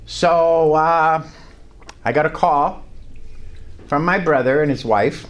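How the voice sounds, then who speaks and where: A man's voice: a little high, slow pace. An older man preaching a sermon in a church, telling a story with emphatic, rising lines. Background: congregation responding.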